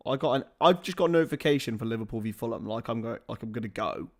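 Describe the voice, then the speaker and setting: Here a man is hosting a football watchalong live, part match commentary and part casual conversation with the people watching. His pitch is medium and his pace quick, and he swears, says "lads" a lot, and lets out loud, excited yells.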